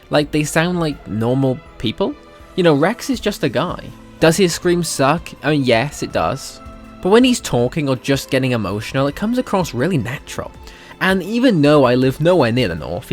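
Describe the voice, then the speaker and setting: A Welsh man doing casual video commentary, talking animatedly and sarcastically and swearing freely. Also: medium pitch. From Wales. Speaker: YouTuber.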